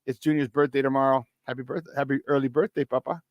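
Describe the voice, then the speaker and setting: A man's voice: mid-range voice, fast, no echo, highs cut off. A man hosting a sports talk show, chatting casually about football with lots of energy and frequent laughter, a former player telling locker-room stories. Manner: energetic and chatty, laughs often, hypes with "baby".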